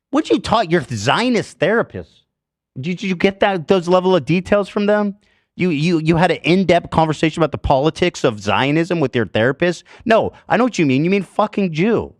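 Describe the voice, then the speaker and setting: A man's voice: on the high side, animated, normal speed, dry recording, studio quality. A man hosting a podcast who rants angrily and curses a lot, with heavy emphasis. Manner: angry, profane, emphatic. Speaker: podcast host. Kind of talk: heated podcast rant.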